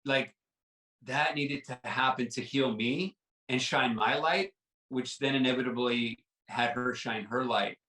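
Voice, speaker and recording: Telling his personal story in an interview, a podcast guest sounds pushed and bright at an ordinary middle pitch. He is earnest and halting, repeats his words, and leans on lots of "like" and "right?". He is a little distant from the mic, and the room echoes.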